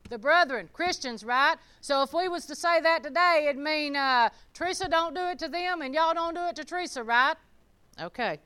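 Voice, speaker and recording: A woman's voice: high-pitched, normal speed, sharp tone. A woman preaching a sermon in a folksy, conversational, emphatic way.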